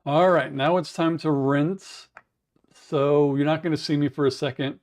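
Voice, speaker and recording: A man with a raspy voice, chatting in a rambling way to viewers on a livestream from home, humming to fill the wait. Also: fairly high pitch, steady tone, unhurried, darkish tone. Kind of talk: casual livestream chat. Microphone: wearable mic.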